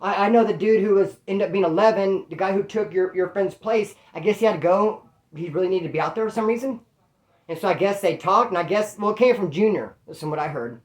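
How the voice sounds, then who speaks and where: A man's voice: high-pitched, fast talker. Slangy man telling a story, echoey room. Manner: slangy, animated, acts out quoted voices. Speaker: storyteller recounting prison life. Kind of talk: casual storytelling.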